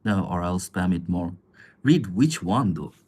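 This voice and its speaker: A man hosting a casual livestream, answering viewer comments in rambling, relaxed with many fillers and frequent chuckles. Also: low voice, a little slow, husky. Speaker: livestream host.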